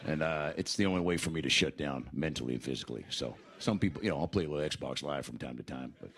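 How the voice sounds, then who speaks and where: Very deep-voiced man telling stand-up jokes. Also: lively intonation, a bit bright, husky. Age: 50s. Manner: slow, halting delivery with many "uh"s. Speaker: stand-up comedian. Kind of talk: deadpan stand-up set and interview. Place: comedy club stage.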